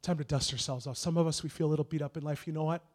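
A young man preaching a sermon, earnest and encouraging, building into shouted prophetic declarations. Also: on the high side, steady tone, very fast.

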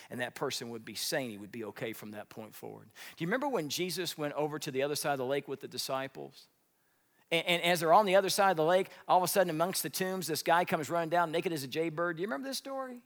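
A man preaching a sermon, telling stories with big swings, shouting at the high points and dropping to a whisper. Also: vocal fry. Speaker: pastor. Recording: long hall reverb.

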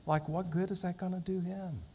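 A man's voice: sits high, fairly even intonation, brisk, warm tone, slightly rough. A man preaching a sermon, telling a story and building to fervent emphasis. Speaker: pastor.

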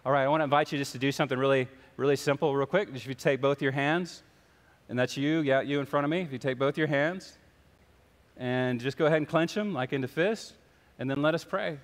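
A man's voice: mid-range voice, fairly quick, in a large hall. A man preaching a sermon in a church, telling a story and acting out the voices of the people in it. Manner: storytelling, acts out the voices in his anecdotes. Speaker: pastor. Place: church sanctuary.

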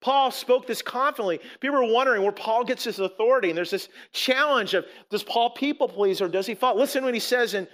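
A man's voice: very high voice, a little fast, few pauses, fairly bright tone. A man preaching a sermon as a pastor, emphatic, asking rhetorical questions and repeating words as he restarts.

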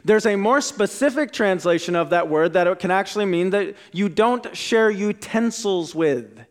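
A man preaching a sermon as a pastor, deliberate, dropping to a hushed voice on key words. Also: high-pitched, animated.

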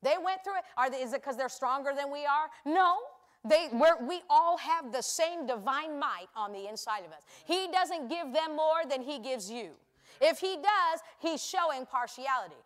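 A woman giving a sermon in a chatty, animated way, telling stories and acting out the people in them. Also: sits high, moderate pace. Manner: animated, acts out voices in anecdotes; chatty, conversational with frequent "you know". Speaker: preacher. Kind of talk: sermon with storytelling.

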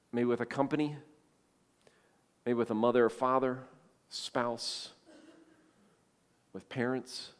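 A man's voice: medium pitch, fairly bright tone, big-room sound. A male pastor preaching a sermon, telling the story with feeling and acting out the voices of the people in it.

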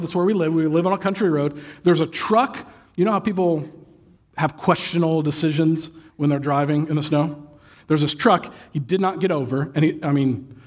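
A man in his thirties preaching a sermon, telling a family story with acted sighs and lively exclamations. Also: a little high. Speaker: pastor.

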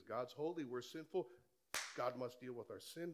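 A man's voice: sits high, expressive, normal speed, sharp tone. A male pastor preaching a sermon in a conversational way, firing rhetorical questions at the congregation in church.

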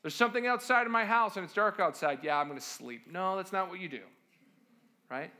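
A male pastor delivering a sermon in a high, bright voice that rises and falls a great deal. He talks to the congregation conversationally, keeps checking in with rhetorical questions, and throws himself into acting out the people he quotes. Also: expressive, brisk. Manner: acts out quoted voices dramatically.

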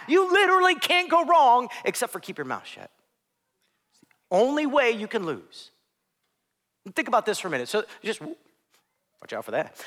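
A man preaching a sermon as a pastor, telling stories animatedly and swinging between hushed near-whispers and loud, excited lines. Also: high-pitched. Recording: long hall reverb.

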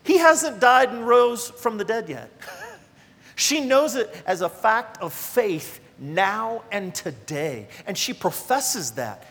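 A man's voice: high-pitched, very animated, slow pace, fairly bright tone, in a large hall. A male pastor preaching a sermon in a conversational, emphatic way, speaking straight to his congregation.

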